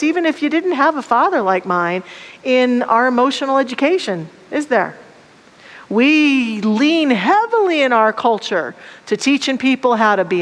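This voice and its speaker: A woman's voice: medium pitch, a bit bright. A woman minister giving a sermon, speaking candidly and emphatically about her own life. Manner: candid, personal, emphatic storytelling. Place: church sanctuary. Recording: long church hall reverb.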